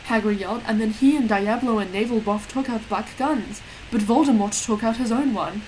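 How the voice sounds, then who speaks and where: A woman reading a fanfic aloud with deadpan delivery and wry asides. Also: on the high side, moderate pace, hardly any pauses, a little hiss or hum, poor audio. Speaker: reader. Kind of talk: dramatic comic reading of a fanfic.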